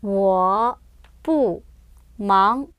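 A woman modeling pronunciation in a language lesson, saying single words slowly and carefully. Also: medium pitch, a bit bright, clear, resonant tone, no echo.

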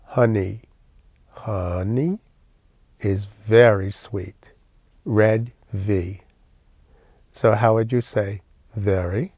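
A man leads a classroom language lesson, walking through each point patiently and using memory tricks. His voice sits on the low side. The sound is dry and close. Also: extremely slow, long pauses, darkish tone, breathy edge, no echo. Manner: patient, explains step by step with mnemonics. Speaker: language teacher.

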